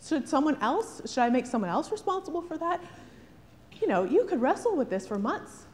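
A woman's voice: high voice, normal speed, in a large hall, a little hiss or hum. A woman pastor preaching a sermon, asking rhetorical questions and often adding "right?". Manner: animated, rhetorical, frequent "right?".

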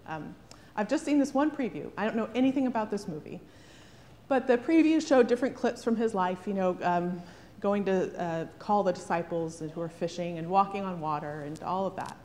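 A woman's voice: a little high, in a large hall, a little hiss or hum. A woman pastor preaching a sermon, asking rhetorical questions and often adding "right?". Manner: animated, rhetorical, frequent "right?".

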